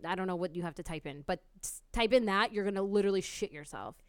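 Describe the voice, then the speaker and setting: A woman's voice: mid-range voice, quick pace, smooth, dry recording, studio quality. A woman in casual chat, enthusiastic and swearing freely. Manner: profane, enthusiastic.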